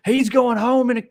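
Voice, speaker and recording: A man's voice: extremely high pitch, a little mellow, pitched above the performer's own voice. A man voicing a resentful rural male football fan with an exaggerated Southern country drawl.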